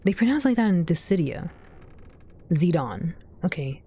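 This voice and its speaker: A woman's voice: lowish voice, big pitch swings, moderate pace, warm tone, slightly rough. A woman livestreamer chatting casually with her viewers as she plays, giggling often and reading their messages aloud. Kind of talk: casual game commentary to chat.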